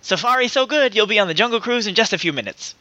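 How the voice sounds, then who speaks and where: A man's voice: sits high, expressive, fast talker, bright, forceful tone, muffled recording. A man co-hosting a podcast in casual comedic chat, laughing often and reading jokes out. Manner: giggly, reads out jokes. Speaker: podcast co-host.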